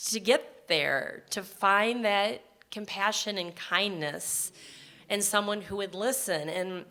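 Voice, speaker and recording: Woman, live stage storytelling, crisp bright tone, earnest and conversational. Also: medium pitch. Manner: conversational, earnest, with quick restarts. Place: live stage before an audience.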